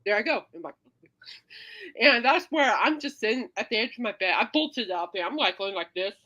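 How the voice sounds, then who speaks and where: A woman hosting a casual podcast, rambling through an animated story with many fillers and dramatic re-enactments of her own reactions. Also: medium pitch, fairly quick, muffled recording. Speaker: podcast host. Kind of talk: casual rambling livestream chat.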